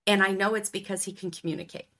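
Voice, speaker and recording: A woman's voice: mid-range voice, quick pace, slight background noise. A middle-aged woman from Ohio, a sales coach telling stories in an interview and acting out the dialogue. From Ohio, US Midwest. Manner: animated storyteller who acts out quoted dialogue. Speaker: sales coach and podcast guest. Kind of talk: casual interview storytelling.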